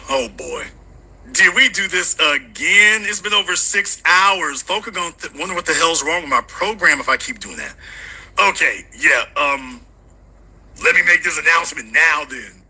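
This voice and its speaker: A man hosting a call-in livestream show, chatting casually with loud, teasing, comedic rants. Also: fairly high pitch, lively intonation, normal speed, breathy edge, poor audio. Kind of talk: casual live-stream chat.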